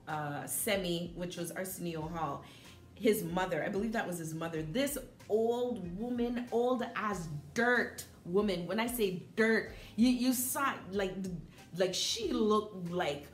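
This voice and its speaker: A woman giving a casual spoken movie review in an animated, chatty way, with fillers and self-corrections. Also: mid-range voice, takes it slowly. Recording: echoey room with faint background music.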